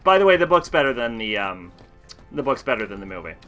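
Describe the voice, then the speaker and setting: Bright-voiced, profane game streamer. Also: male voice, mid-range voice, big pitch swings, fast talker, faint music behind. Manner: rambling, profane storytelling. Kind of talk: casual chat while playing.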